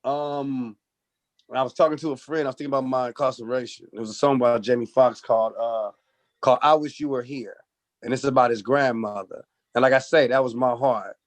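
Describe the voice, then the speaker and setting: A male comedian from Oakland, telling stories in an animated, profane way during a casual podcast interview. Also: medium pitch, fairly quick. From Oakland, California. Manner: animated storytelling, acts out voices, profane. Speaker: comedian guest.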